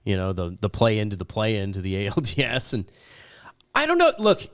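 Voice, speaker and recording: A man co-hosting a casual sports talk show, his voice still a little raspy from an illness, chatty and opinionated. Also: fairly low pitch, huge pitch swings, brisk, a bit bright. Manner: chatty, opinionated, jokes at himself. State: lingering raspy voice after an illness. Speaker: co-host.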